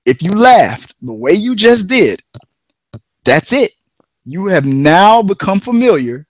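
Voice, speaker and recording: A man's voice: high voice, big pitch swings, slow pace, no room sound. A man co-hosting a casual podcast chat, telling a long rambling story with frequent restarts. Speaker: podcast co-host.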